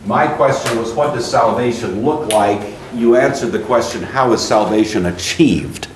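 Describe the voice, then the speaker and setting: A man's voice: mid-range voice, normal speed. A male teacher giving a classroom lecture, putting questions to students and then explaining at length. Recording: echoey classroom with faint noise.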